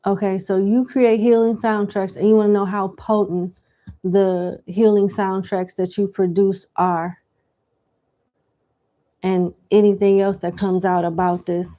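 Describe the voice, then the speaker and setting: A woman's voice: medium pitch, little pitch movement, measured pace, warm tone. A woman giving live tarot question readings in a casual, slangy, chatty way. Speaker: tarot reader.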